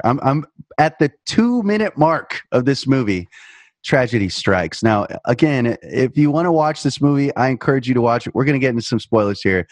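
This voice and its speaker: A man's voice: medium pitch, dry recording. Wry male podcast host. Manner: wry, joking, with frequent fillers. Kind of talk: casual movie review chat.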